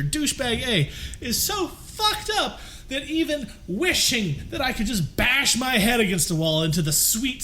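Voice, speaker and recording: Animated ranting man, lively high voice. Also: slight background noise. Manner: animated ranting, acts out characters in funny voices. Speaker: podcast co-host. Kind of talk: casual movie-review chat.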